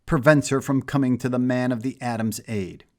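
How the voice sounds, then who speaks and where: A man's voice: medium pitch, fairly even intonation, fairly quick, darkish tone. Man narrating a superhero fan story.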